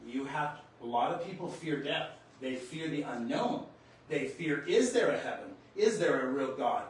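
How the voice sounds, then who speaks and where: A man's voice: a little high, lively intonation, moderate pace, slight background noise. Earnest older man in an echoey room. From North Dakota, USA. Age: 60s. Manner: earnest and emotional, gasping in awe and trailing off softly. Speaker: podcast host. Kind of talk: personal spiritual storytelling. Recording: echoey room, voice distant from the mic.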